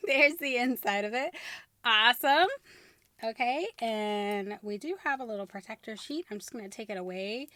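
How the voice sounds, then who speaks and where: A woman's voice: mid-range voice, moderate pace, sharp tone, dry recording. A young adult woman chatting casually to her viewers as she unboxes beauty products, upbeat and talkative. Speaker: beauty vlogger.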